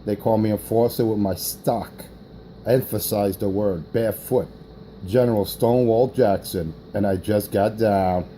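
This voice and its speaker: Dark-voiced boastful man on the radio. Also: on the low side, steady tone, normal speed, a little hiss or hum, low-quality recording. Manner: boastful, rambling with many fillers. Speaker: CB radio operator. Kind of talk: radio chatter.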